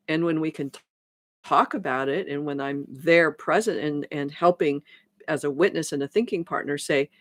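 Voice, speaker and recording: A woman's voice: sits low, normal speed, no echo. Rambling woman coach on a dry mic. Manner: rambling, frequent restarts, acts out conversations. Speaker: transformation coach. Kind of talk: live-stream talk to viewers.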